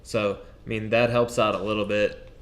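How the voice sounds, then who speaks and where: Excitable young man talking sports. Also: fairly low pitch, moderate pace. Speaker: podcast co-host. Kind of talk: casual sports chat.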